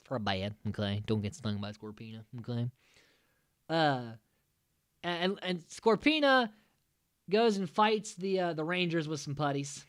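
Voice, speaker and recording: Rambling, sarcastic podcast host, bright and lively. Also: male voice, on the high side, measured pace, smooth, dry recording, clean studio sound. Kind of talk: casual episode recap.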